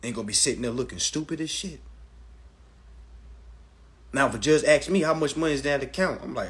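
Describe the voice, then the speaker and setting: A man hosting a casual phone livestream, talking in a brash, profane, animated way and slipping into mocking voices. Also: medium pitch, a little fast, pauses often. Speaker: livestream host giving legal advice.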